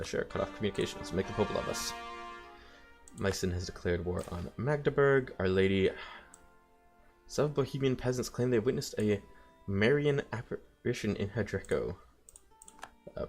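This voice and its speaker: A man's voice: lowish voice, gravelly. A man casually commenting while playing a strategy game, thinking aloud with wry asides. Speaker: let's play host.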